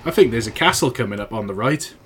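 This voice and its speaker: A man's voice: medium pitch, animated, fast, a bit bright, slight background noise. Joking Welsh man live-streaming a game. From Wales. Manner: chatty and teasing, answers chat messages. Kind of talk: casual live-stream commentary. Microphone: desk microphone.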